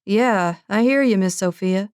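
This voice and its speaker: A woman's voice: medium pitch, measured pace, darkish tone, clear, resonant tone, dry recording, studio quality, lightly acted. A woman voicing an easygoing male ranch hand herding cattle.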